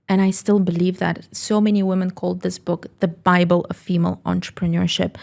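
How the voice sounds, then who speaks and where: Blunt, animated woman telling stories. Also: lowish voice, fairly quick, vocal fry, hardly any pauses. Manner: animated storyteller, blunt and swears freely. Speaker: podcast guest, entrepreneur. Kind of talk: casual podcast chat.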